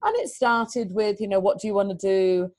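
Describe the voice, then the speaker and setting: A woman's voice: mid-range voice, normal speed, no room sound. Passionate woman educator. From England. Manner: passionate, animated storyteller. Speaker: educator and guest. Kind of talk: conversational interview answers.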